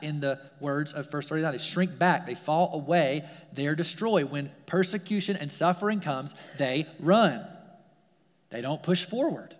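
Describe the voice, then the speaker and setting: A man's voice: on the high side, unhurried, in a large hall. A man, a pastor, preaching a sermon in a casual, conversational way, full of fillers and repeated phrases. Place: church sanctuary.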